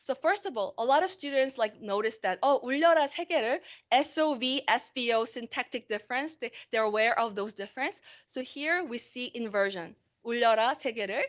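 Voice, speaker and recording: A woman's voice: on the high side, lively intonation, moderate pace, few pauses, fairly bright tone. A woman, a language instructor giving a conversational conference talk on teaching translation, with fillers and self-corrections. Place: conference room.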